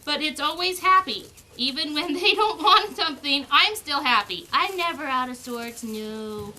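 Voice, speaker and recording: High, bright-voiced chatty woman. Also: animated, moderate pace. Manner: chatty, switching into sing-song baby talk with the pups. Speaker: dog breeder. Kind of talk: casual explaining while handling puppies. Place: outdoors on a farm.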